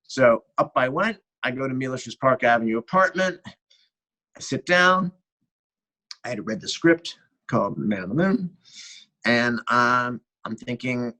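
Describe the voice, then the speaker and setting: Husky-voiced American man telling stories. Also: medium pitch, moderate pace, poor audio. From United States. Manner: animated anecdotal storyteller who acts out dialogue. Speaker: guest cinematographer. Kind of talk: casual interview storytelling.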